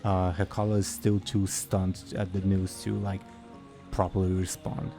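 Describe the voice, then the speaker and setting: Slow, low-voiced game master. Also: male voice, little pitch movement, creaky, music in the background. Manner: slow, halting narration with many fillers. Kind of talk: narrating a tabletop game.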